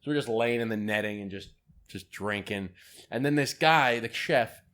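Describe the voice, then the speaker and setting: A man's voice: on the low side, moderate pace, a bit bright. A young man co-hosting a podcast, telling a trip story in casual chat, rambling with restarts and casual swearing. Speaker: podcast co-host.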